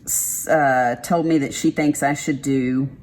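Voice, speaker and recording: Low, slow-talking Texan woman, casual and blunt craft vlogger. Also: steady tone, darkish tone. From Texas. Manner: rambling, frank, uses y'all and mild swearing. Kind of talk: casual chat while diamond painting.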